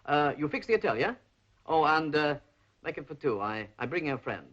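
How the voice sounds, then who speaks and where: A nervous crook with a lively, swooping voice. His tone is bright but husky. The vintage soundtrack is dull. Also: on the high side, normal speed. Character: tense Italian crook on the run. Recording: dull old film soundtrack.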